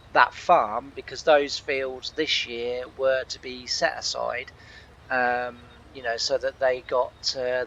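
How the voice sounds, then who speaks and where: A man's voice: mid-range voice, creaky, pushed and bright, highs cut off, slight background noise. A man telling a long casual story while playing a game, laughing often and acting out the people he quotes. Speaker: gaming channel host. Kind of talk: casual storytelling over gameplay.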